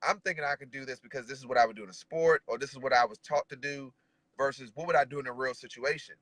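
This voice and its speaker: Male guest, relaxed trainer, bright forward tone, dry close sound. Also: mid-range voice, fast talker, no room sound, rough recording. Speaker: guest dog trainer and decoy. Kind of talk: casual conversation.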